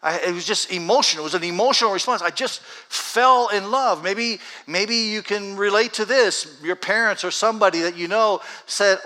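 Bright-voiced man preaching a sermon. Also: sits high, poor audio. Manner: conversational, builds to urgent raised passages; reads scripture slowly and deliberately. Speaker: pastor. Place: church sanctuary with congregation.

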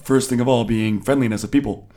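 A man's voice: medium pitch, steady tone, quick pace, mellow. An American man co-hosting a podcast in casual chat, easygoing and slangy. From United States. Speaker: podcast co-host.

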